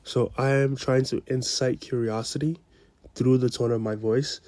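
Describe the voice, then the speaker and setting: A man walks through a recorded sales pitch step by step, in the steady tone of a coach. His voice sits in the middle of the male range. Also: normal speed. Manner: explanatory, coaching tone, says "boom" to mark each step. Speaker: sales trainer. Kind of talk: instructional breakdown of a sales pitch.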